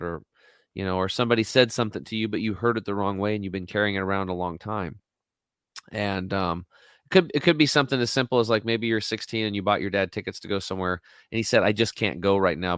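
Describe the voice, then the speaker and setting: Male guest, 40s, low pitch, blunt and emphatic storyteller, dry mic. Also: fairly bright tone, no room sound. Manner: emphatic, rambling, blunt with mild swearing. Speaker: podcast guest. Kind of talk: casual storytelling chat.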